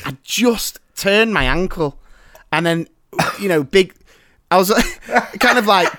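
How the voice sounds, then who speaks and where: A man in his thirties hosting a podcast, telling an animated story in casual chat. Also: high-pitched, slow pace, slight background noise. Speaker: podcast host. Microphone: remote call.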